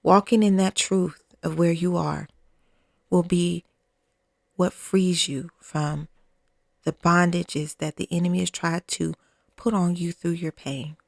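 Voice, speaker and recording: Woman host, spoken prayer, gravelly voice, dry close sound, fervent and repetitive, hushed at times. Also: lowish voice, steady tone, slow pace, no room sound. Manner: often drops to a hushed, near-whispered delivery. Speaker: podcast host.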